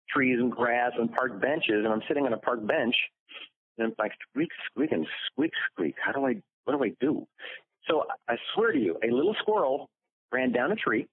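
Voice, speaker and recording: A man voice actor telling lively stories in an interview, acting out the quotes. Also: mid-range voice, no echo. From United States. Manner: lively storyteller, acts out quotes. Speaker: voice actor guest. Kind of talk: interview anecdotes. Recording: dry phone-like line.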